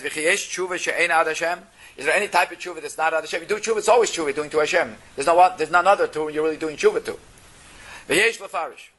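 Man, Torah teacher, high bright voice, reads and translates texts, rhetorical questions. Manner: reads Hebrew phrases then translates into English; explanatory, asks rhetorical questions. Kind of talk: text-based religious class.

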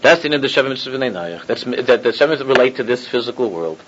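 A man's voice: medium pitch, expressive, fast talker, noisy background. A man teaching an informal Torah class as a rabbi, mixing in Hebrew and Yiddish terms, often repeating himself and chuckling. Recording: dull lo-fi recording.

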